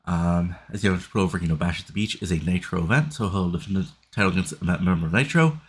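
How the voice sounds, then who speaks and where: A stuffed-up, congested man casually talks through his wrestling booking sim, rambling with plenty of fillers and restarts. His voice is low and quick, with a breathy edge.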